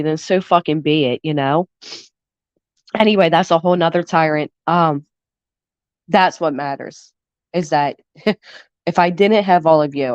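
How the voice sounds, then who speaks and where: A woman in her thirties talks to her live-stream chat, blunt and profane but quick to get sentimental, getting over the flu. Her voice is close and dry, with no room sound. The audio is slightly dull. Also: on the low side, dry recording. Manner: candid, emotional and profane, shifts quickly between sappy and indignant. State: recovering from the flu. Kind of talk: casual live-stream chat, reading and answering chat.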